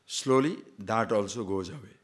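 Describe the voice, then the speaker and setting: Jokes, chuckles, and short stories fill this spiritual teacher's lively, repetitive discourse, and he keeps repeating phrases and questioning his listeners. His voice is on the low side with a breathy edge, delivered at a moderate pace.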